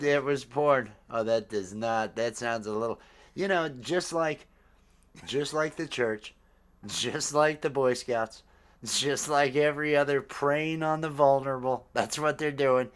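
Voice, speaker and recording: A man in his fifties hosting a casual chat, rambling with halting fillers and frequent laughs. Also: medium pitch, smooth. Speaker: podcast host.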